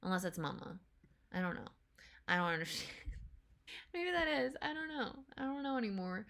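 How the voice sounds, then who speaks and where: Bright, excitable woman reacting to a trailer. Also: on the high side, moderate pace, creaky. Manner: excitable, rambling, swears a lot, many fillers. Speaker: reaction video host. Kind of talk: casual chat reacting to a trailer.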